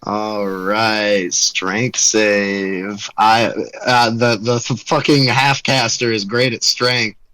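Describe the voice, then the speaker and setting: A man playing a tabletop game, describing his character's spells slowly and haltingly with many uh fillers. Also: fairly low pitch, level tone, bright, forceful tone, low-quality recording. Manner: halting, full of uh fillers, laughing. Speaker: player.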